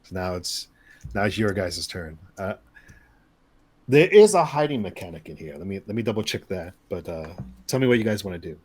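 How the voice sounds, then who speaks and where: A man's voice: low-pitched, lively intonation, fairly quick, a little mellow, slightly rough. A man running a tabletop game as game master, loose and rambling with many restarts.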